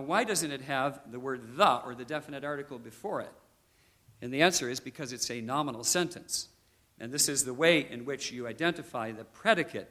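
A man preaching a Bible teaching with a bright, forceful voice. He explains and stresses key words emphatically, pausing and restarting as he goes. His voice is a touch congested, with some throat clearing. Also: mid-range voice. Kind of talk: sermon.

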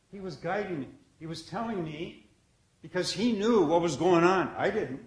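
A man preaching a sermon in an earnest, conversational way, asking the congregation questions and dropping softly at the ends of phrases. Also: fairly high pitch, normal speed.

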